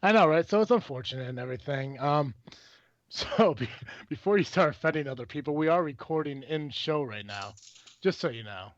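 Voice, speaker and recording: A man hosting a podcast, his voice a little higher than most, recorded dry and dull. He rambles, jokes and swears freely in casual chat with his guests. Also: lively intonation, a little fast, dry recording. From Illinois. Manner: rambling, profane, joking. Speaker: podcast host.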